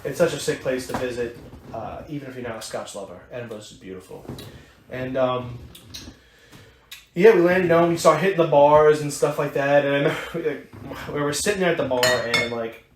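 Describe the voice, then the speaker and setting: A rambling American man chats casually as a podcast co-host. He starts over often and fills pauses as he tells his tale. The room is echoey, with a faint hiss underneath. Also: mid-range voice. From United States. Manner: rambling storyteller with many restarts and fillers. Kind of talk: casual chat.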